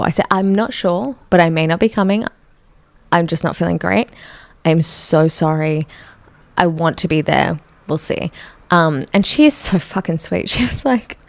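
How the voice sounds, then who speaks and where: Gravelly-voiced woman, chatty and candid. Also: lowish voice, no echo. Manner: candid, chatty, self-mocking storytelling. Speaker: podcast host. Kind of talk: solo podcast storytelling.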